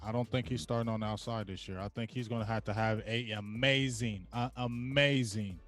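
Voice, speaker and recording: A man's voice: fairly low pitch, steady tone, fairly quick, fairly bright tone, faint music behind. A man co-hosting a casual sports talk show, blunt and opinionated.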